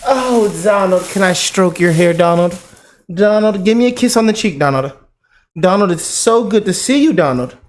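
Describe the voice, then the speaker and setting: A man's voice: sits high, expressive, moderate pace, pitched above the performer's own voice. A man putting on a mocking, simpering voice of a fawning talk-show woman. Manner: simpering, sing-song mockery.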